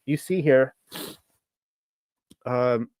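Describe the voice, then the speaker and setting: A man's voice: medium pitch, a little mellow, clear, resonant tone, no room sound. Rambling Californian man, dry close sound. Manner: rambling, halting, with many restarts and fillers. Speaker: host. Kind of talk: casual monologue.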